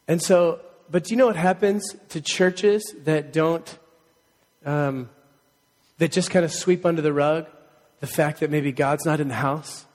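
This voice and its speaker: Animated preacher in a reverberant hall. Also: male voice, a little high. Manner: call-and-response, animated and joking. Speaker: pastor. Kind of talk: sermon. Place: church sanctuary. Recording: long reverb of a church hall.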